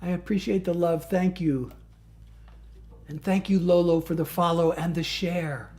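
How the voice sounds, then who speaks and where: A man who sings his own songs, chatting with his livestream viewers from a bedroom studio in a soft-spoken, rambling and thankful way. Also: sits high, steady tone, a little slow. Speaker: singer-songwriter livestreamer. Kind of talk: casual chat with livestream viewers.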